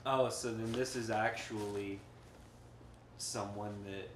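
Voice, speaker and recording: A man's voice: on the low side, slow pace. A man playing a tabletop game, describing his character's moves with laughter. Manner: laughing, animated planning. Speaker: player. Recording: echoey room, faint noise.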